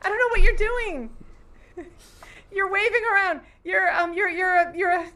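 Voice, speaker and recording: A woman improv player on a video call, firing off repeated guesses in an excited rush. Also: extremely high pitch. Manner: rapid-fire, repetitive guesses. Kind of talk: excited rapid guessing game.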